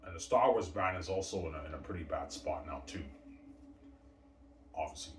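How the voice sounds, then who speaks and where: A man's voice: low voice, normal speed, slight background noise. A man hosting a casual solo livestream, boasting over and over and calling out to his viewers. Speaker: livestream host. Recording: roomy, distant mic.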